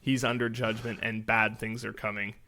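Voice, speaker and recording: A man co-hosting a church podcast, retelling a Bible story in casual, animated chat. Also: fairly low pitch, normal speed, over a noisy crowd. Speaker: podcast co-host.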